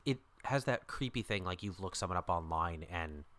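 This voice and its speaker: A man with a fairly low voice that swings widely in pitch chats about a TV episode on a podcast. He jokes as he goes and jumps into high, mocking voices to quote the characters. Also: expressive, normal speed, fairly bright tone. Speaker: podcast co-host. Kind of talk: casual chat about a TV episode.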